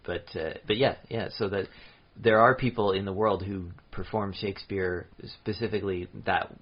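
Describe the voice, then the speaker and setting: A man's voice: sits low, fairly even intonation, normal speed, breathy edge. A man co-hosting a podcast in casual chat, explaining hesitantly with many fillers. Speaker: podcast co-host. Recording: dull lo-fi podcast audio.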